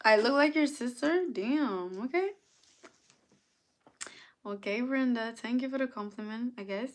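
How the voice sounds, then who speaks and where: Young female live-stream host, relaxed slow delivery, slightly high voice, chatty with viewers. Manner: chatty, greets viewers and answers their comments. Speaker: livestream host.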